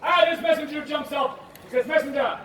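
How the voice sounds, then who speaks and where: A man telling a comic story and directing audience volunteers in a loud, theatrical way at an outdoor festival. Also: very high-pitched, lively intonation, normal speed. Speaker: street theater performer. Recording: echoey, distant, with crowd noise.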